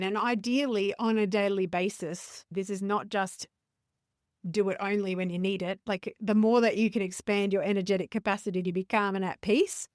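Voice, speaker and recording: A woman's voice: medium pitch, no room sound, clean studio sound. A woman hosting a podcast as a business coach, talking in an earnest, conversational way and correcting herself as she goes. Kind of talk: podcast monologue.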